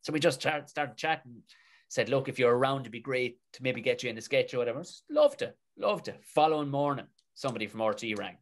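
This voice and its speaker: Irish man, Tipperary accent, comedian guest; animated, sweary storyteller. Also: medium pitch, quick pace. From Tipperary, Ireland. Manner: animated, swears freely, colloquial. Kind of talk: casual storytelling in a podcast interview.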